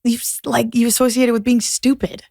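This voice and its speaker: A woman's voice: a little high, flat delivery, brisk, creaky, a little mellow, no echo, studio quality. A young woman from Boston with a light Boston accent, a guest talking frankly in a casual interview, with lots of filler "like"s. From Boston, USA. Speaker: podcast guest.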